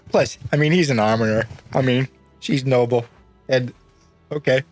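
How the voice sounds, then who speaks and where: A man's voice: mid-range voice, unhurried. A man runs a tabletop game as game master, narrating loosely with frequent laughter. His voice sits mid-range, with faint music behind him.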